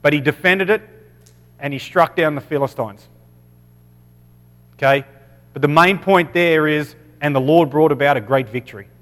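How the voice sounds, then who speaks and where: A man's voice: fairly high pitch, moderate pace, long pauses, a bit bright. A man with an Australian accent giving a casual Bible teaching, peppering it with "okay" and correcting himself as he goes. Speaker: preacher. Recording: long reverb of a hall.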